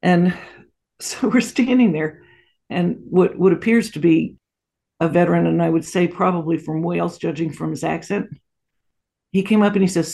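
A woman in her sixties, with a gravelly voice on the low side at a normal speed, is a guest in a storytelling interview. She shares family stories warmly and anecdotally, with frequent laughs and asides.

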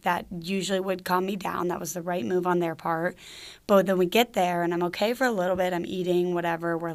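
A young woman from Georgia in the US, telling a personal story in a casual, chatty way with lots of "like" fillers. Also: fairly low pitch. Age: young adult.

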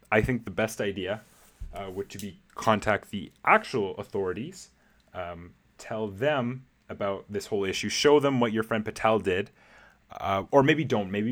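Young male podcast host, somewhat low voice, playful and rambling, laughs often. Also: fairly bright tone. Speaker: podcast host answering voice messages. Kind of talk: casual, rambling monologue.

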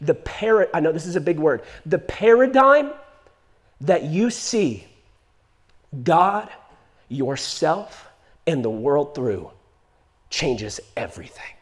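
A man preaching with a high, ringing voice, pressing his point again and again. His delivery jumps from loud, urgent bursts to quiet, intimate asides. He tells stories with animation, acting out the people in them. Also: slow pace, long pauses. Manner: emphatic, repeats "listen to me", swings from loud to hushed; animated storytelling, acts out quoted voices. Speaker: pastor. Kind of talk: sermon.

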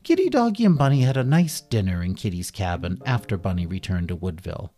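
A man narrates a children's bedtime story in a playful, animated way. His voice is low and mellow, and his pitch moves a lot from line to line. A soft guitar plucks faintly behind him. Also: fairly quick.

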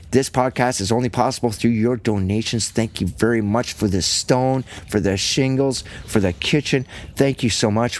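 A man with a fairly low voice leads a homespun Bible study podcast. He reads scripture, then explains it in plain, folksy talk with joking asides. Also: a little mellow. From Canada. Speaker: podcast host and lay preacher. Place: rural home, indoors.

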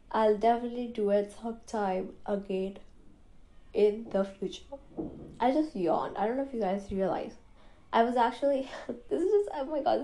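A woman's voice: medium pitch, dark tone, rough recording. A young woman vlogging in a rambling, chatty way, full of casual fillers. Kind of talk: casual chat to camera.

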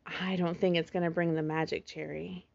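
A woman's voice: on the low side, level tone, moderate pace, vocal fry, a little mellow. A woman voicing a young boy fox kit, an anxious older brother who talks in an earnest, fretful way, in a slightly muffled recording. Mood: glum.

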